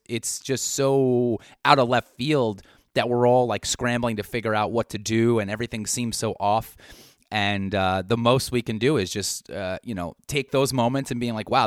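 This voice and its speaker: A man's voice: mid-range voice, dry recording, clean studio sound. A man in casual chat, speaking in a reflective, reassuring way with many fillers.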